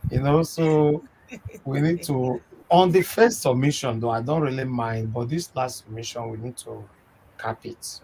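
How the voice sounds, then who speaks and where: A man's voice: mid-range voice, darkish tone, slight background noise, rough recording. Man moderating a discussion. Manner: brisk, many thank-yous and fillers.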